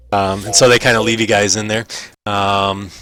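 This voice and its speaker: A man's voice: fairly low pitch, flat delivery, normal speed, fairly bright tone, dry recording. A man narrating a tabletop game as game master, hesitant with many fillers.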